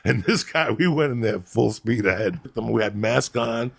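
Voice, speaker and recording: Speaking at a moderate pace with a mid-range voice, a middle-aged podcast host shares street stories in casual chat. He's animated and gravelly, acting out the voices of people in his tales.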